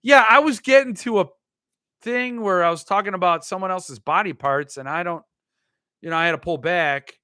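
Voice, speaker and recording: Bright-voiced joking man hosting a stream. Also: high voice, normal speed, clear, resonant tone, no echo, clean studio sound. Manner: joking, rambling, self-mocking. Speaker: host of a book live stream. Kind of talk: casual live-stream chat.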